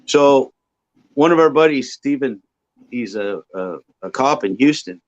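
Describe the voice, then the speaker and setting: A man in a casual chat telling lively travel anecdotes and acting out the sound effects. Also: medium pitch, a little slow, muffled recording.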